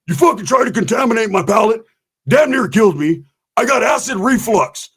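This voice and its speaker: A man voicing a hot-headed, volatile male friend who rants and shouts in drawn-out words. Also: high-pitched, expressive, husky, pitched above the performer's own voice, full character voice. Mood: furious.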